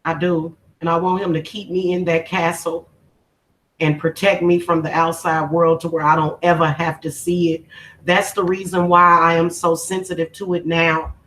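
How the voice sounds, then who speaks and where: A woman's voice: fairly low pitch, flat delivery, moderate pace, a bit bright, low-quality recording. A woman hosting a spiritual channel, talking casually on a livestream in a heartfelt, emotional, informal way.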